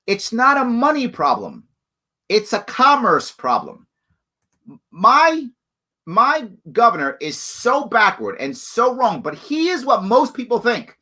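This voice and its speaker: A man's voice: very high voice, takes it slowly. A man hosting a live show, answering viewer questions in emphatic, repetitive bursts. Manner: emphatic, animated, repeats points for stress. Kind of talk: live call-in style solo talk.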